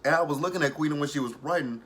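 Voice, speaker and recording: A young adult man giving a casual, profane recap of a TV episode. He tells it as an animated story and breaks into laughter often. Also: fairly high pitch, racing, slight background noise. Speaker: TV episode reviewer.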